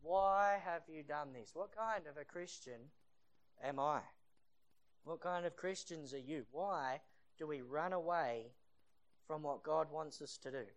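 A preacher giving a sermon in a lively storytelling style, acting out the scenes. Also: medium pitch, measured pace, pauses often. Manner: animated storytelling that acts out the scenes.

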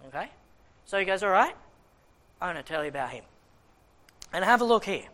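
A man with a high, light voice teaches from the Bible as a preacher. He reads verses in a slow, measured way and breaks into animated, conversational asides. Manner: animated, reads scripture slowly, acts out listeners' questions.

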